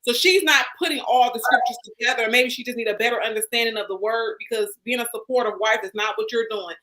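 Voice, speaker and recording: A woman co-hosting a casual recap chat, animated and sassy, often speaking in a preachy way. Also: fairly high pitch, quick pace. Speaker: co-host.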